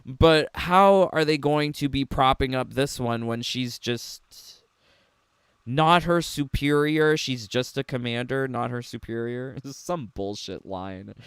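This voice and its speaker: A man's voice: medium pitch, measured pace, clean tone, no echo, studio quality. A man giving sarcastic, mocking reaction commentary on a game trailer, laughing often. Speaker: gaming commentator.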